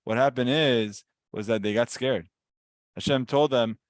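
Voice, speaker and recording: A man's voice: mid-range voice, moderate pace, no echo. A man giving a casual weekly Torah lesson, telling the story with animation and acting out voices. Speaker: Torah teacher.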